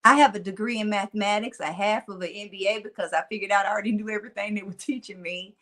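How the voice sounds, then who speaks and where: A middle-aged woman with a strong Mississippi country twang tells stories about her own life in a relaxed interview. She sounds animated, laughs easily, and uses a mid-range voice. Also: medium pitch, quick pace. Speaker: motivational speaker guest. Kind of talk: casual storytelling interview.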